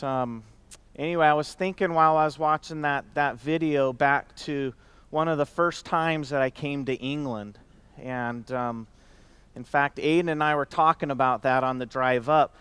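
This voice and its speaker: Man, slightly high voice, smooth and dry, conversational stage speech with ums. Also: fairly even intonation, moderate pace, no echo. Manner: warm conversational with many fillers and restarts. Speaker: company executive speaking at event. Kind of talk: casual heartfelt stage speech.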